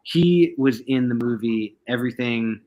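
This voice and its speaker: A man's voice: medium pitch, a little slow, mellow, rough recording. A man co-hosting a casual podcast chat, telling rambling, profane stories. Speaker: podcast co-host.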